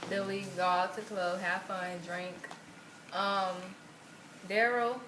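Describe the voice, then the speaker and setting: A woman's voice: medium pitch, steady tone, slow pace, fairly bright tone. A woman talking bluntly in a casual group chat, a reality show cast member who swears freely. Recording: echoey room with background noise.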